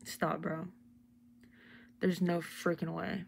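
Out in stores and back at her apartment, a young woman vlogs to a phone held at arm's length over a noisy background. Her voice sits on the low side, creaky and fairly even, at a moderate pace, and she keeps it chatty and slangy with plenty of "bro" and "like."

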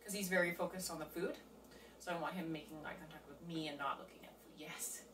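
A woman's voice: low voice, steady tone, quick pace, noisy background. A woman dog trainer casually explaining a training session step by step while she works at home. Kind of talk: casual hands-on training demonstration. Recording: roomy, distant sound with faint ambience.

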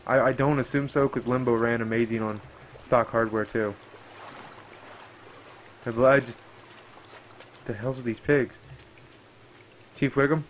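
A man giving profane, excitable running commentary while playing a game, often yelping and exclaiming. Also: mid-range voice, unhurried, pauses often, a little hiss or hum. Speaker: gameplay streamer. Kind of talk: let's play commentary.

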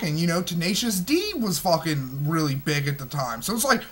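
A man in his twenties rants through a movie review in a tense, forceful voice that sits a little high. His talk is agitated and thick with profanity. He keeps stumbling into restarts mid-sentence. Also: big pitch swings, fairly quick, hardly any pauses. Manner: smoking while talking.

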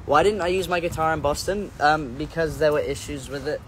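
This livestreaming musician has a fairly high, somewhat bright voice and talks fairly quickly, with a little hiss or hum audible. He reads out comments from viewers in a loose, joking, rambling way, often correcting himself partway through a sentence.

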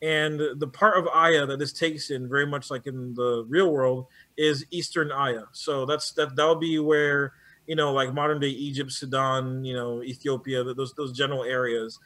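A man talking in a casual conversation as an animation producer, animated and often restarting his sentences. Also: medium pitch, normal speed. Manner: animated, many restarts and repeated words.

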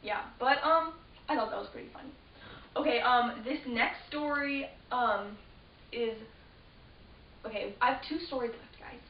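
A teenage girl with a fairly high voice rambles through a story, stacking fillers and restarting her sentences. She sits some way from the mic in a roomy space. The sound is dull and lo-fi under a faint hiss. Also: unhurried, pauses often, recorded from a distance. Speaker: vlogger. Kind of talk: casual storytelling to camera.

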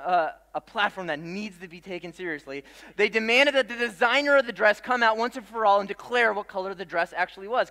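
Bright, lively young preacher in a hall. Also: male voice, high voice. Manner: joking, animated storyteller. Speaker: pastor. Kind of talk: sermon. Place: large church hall. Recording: long hall reverb.

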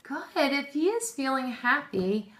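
A woman's voice: high voice, sing-song, measured pace, fairly bright tone. A woman teaching a lesson to young children, encouraging them and praising often, with questions drawn out.

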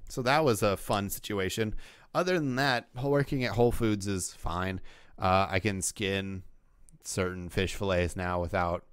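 A man's voice: on the low side, clean tone, no echo. A man hosting a solo podcast, chatting casually in a rambling way with lots of swearing and fillers. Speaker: podcast host. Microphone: podcast microphone.

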